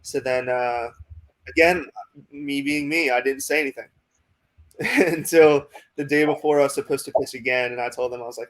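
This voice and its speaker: Relaxed young man, even-toned storytelling. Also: medium pitch, fairly quick. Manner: rambling, heavy with "like" and "you know"; acts out quoted coaches in dialogue. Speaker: pitching prospect guest. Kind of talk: casual storytelling interview.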